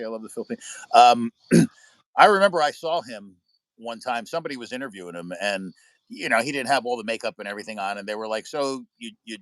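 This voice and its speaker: A man's voice: mid-range voice, a bit bright, no room sound. A man from the United States hosting a live stream, chatting with viewers and telling rambling stories, swearing freely. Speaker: livestream host. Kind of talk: casual chat with viewers. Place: indoors at home by a window.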